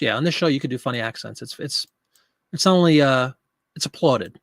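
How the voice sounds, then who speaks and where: A man's voice: fairly high pitch, animated, a little fast, fairly bright tone, dry recording, studio quality. A man in his fifties hosting a live listing stream, chatting casually, joking and talking to viewers in chat.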